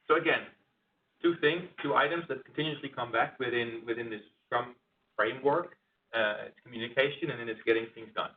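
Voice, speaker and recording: A man giving an informal presentation at an internal company event, talking conversationally with frequent restarts. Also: medium pitch. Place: meeting room. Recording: distant, phone-like tinny sound.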